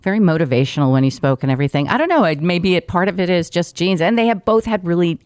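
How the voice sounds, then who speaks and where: Middle-aged woman, radio pro, low voice, close dry studio mic, warm anecdotal guest. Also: expressive, quick pace, dry recording. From Brazil. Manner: warm, storytelling, laughs often, trained radio delivery. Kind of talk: casual interview chat.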